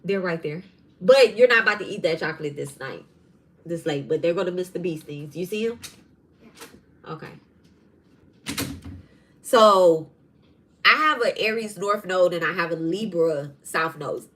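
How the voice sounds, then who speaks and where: A woman hosting a spiritual podcast who tells stories in a casual, animated way, swearing freely. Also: fairly low pitch, unhurried, pauses often. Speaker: podcast host and tarot reader. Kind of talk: casual storytelling monologue.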